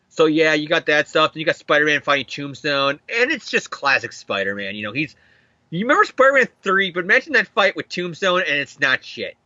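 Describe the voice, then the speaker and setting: A man's voice: fairly high pitch, sing-song, moderate pace, pauses often, sharp tone, dry recording, lo-fi sound. A man hosting a casual comic book recap show, rambling, laughing often and acting out characters. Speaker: podcast host.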